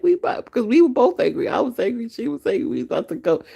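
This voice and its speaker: A woman podcast host, telling a story in an animated way, with laughter and profanity. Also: a little high, quick pace, creaky, breathy edge. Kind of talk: storytelling, casual chat.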